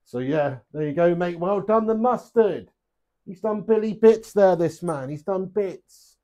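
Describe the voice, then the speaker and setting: A young man chatting casually on a live stream, rambling, swearing freely and getting animated. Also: high-pitched, a little slow.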